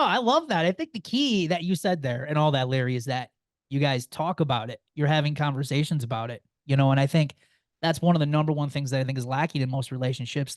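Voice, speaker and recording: A man's voice: medium pitch, no room sound, clean studio sound. A man who is a guest on a podcast, giving personal finance advice in an earnest, encouraging way. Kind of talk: conversational interview.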